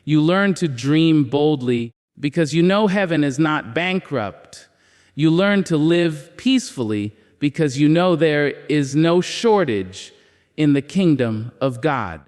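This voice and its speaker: A man's voice: fairly high pitch, expressive, takes it slowly, darkish tone. A man giving a preaching motivational speech, with solemn, emphatic declarations and repeated phrases. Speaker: motivational speaker. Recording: long hall reverb.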